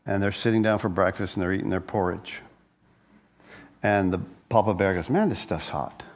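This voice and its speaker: A man's voice: deep voice, level tone, normal speed. A man preaching a conversational sermon as a pastor, joking and telling stories, often repeating words as he goes. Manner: playful, joking storyteller; frequent word repeats.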